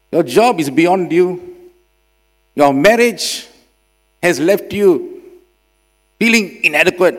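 A man from Singapore, preaching a sermon and swinging between loud emphasis and quiet drops. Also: high voice. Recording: long hall reverb with mains hum.

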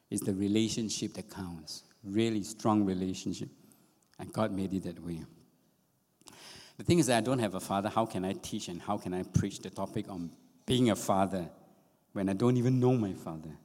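A man's voice: deep voice, moderate pace, a little mellow. A middle-aged man, preaching a sermon in an earnest way and repeating phrases for emphasis. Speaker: pastor. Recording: long reverb of a hall.

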